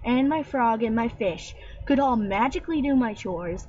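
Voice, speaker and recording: A young woman with a somewhat high voice rants in a casual vlog. She rambles and mocks with sarcasm. The webcam audio sounds dull and lo-fi. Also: lively intonation, normal speed, a little mellow. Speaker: vlogger. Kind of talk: casual rant.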